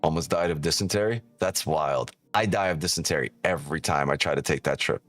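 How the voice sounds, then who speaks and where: A man's voice: a bass voice, brisk, fairly bright tone, faint music behind. A man hosting a live trading stream, joking and teasing viewers in casual, profane banter. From New York.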